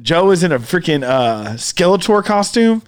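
A lively man spinning a casual story for his co-host, his voice leaping around as he acts out each line of dialogue. He sits a touch higher than most men, with a loose, profane delivery. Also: moderate pace, smooth. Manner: animated storyteller, acts out quotes, swears freely. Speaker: podcast co-host.

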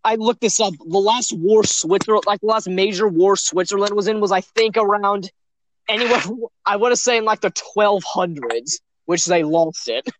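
High-voiced rambling podcast guy. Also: normal speed, a bit bright, a little hiss or hum. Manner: rambling, circles back to finish his points. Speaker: podcast co-host. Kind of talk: casual podcast chat.

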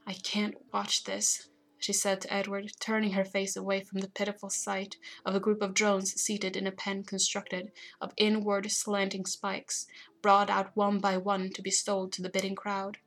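A woman narrating a fantasy novel aloud in a steady, even reading voice. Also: mid-range voice, moderate pace. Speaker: audiobook narrator. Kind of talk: scripted narration.

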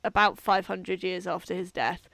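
A woman's voice: on the low side, fairly even intonation, normal speed, gravelly, fairly bright tone, dry recording. A woman co-hosting a podcast, telling a saint's legend in a casual, jokey way with lots of laughing. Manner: giggly, jokey storytelling. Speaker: podcast co-host.

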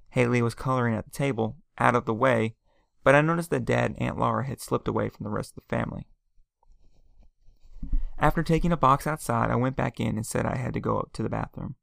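Calm and steady, a male narrator reads a story told in the first person. His mid-pitched voice is gravelly with some fry, captured dry and close to the mic.

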